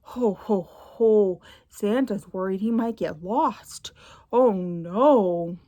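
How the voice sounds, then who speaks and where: A woman's voice: medium pitch, extremely slow, dark tone, dry recording, clean studio sound. A woman playing a jolly old Santa, reading a storybook aloud with ho-ho asides and playful teasing.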